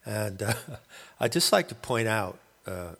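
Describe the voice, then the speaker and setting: A man calling himself a shaman, rambling through a halting spoken monologue and often searching for the right word. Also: on the low side, big pitch swings, gravelly, fairly bright tone, big-room sound. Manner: halting, searching for words, many restarts. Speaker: self-described shaman.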